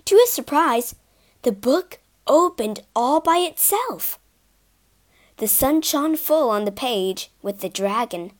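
A woman narrating a children's storybook in an expressive, sing-song read-aloud manner. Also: high-pitched, takes it slowly.

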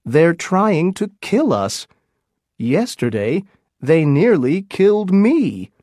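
A man's voice: fairly high pitch, big pitch swings, slow, darkish tone, no echo, clean studio sound, pitched above the performer's own voice, exaggerated voice. A man doing a worried colonial leader. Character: anxious male colonial leader.

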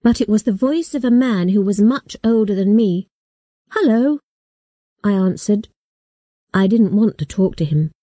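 A woman calmly reading a first-person story aloud, as audiobook narration. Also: mid-range voice, normal speed, no echo.

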